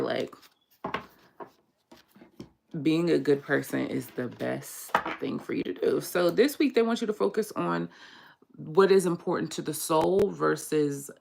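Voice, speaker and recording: A woman from the United States doing a casual livestream card reading, chatty and low-key, in what she calls her monotone morning voice. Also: slight background noise. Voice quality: gravelly morning voice. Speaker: tarot card reader.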